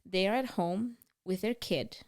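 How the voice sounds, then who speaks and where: A woman's voice: medium pitch, unhurried. A woman co-hosting a casual podcast who speaks frankly and gives advice. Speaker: podcast co-host.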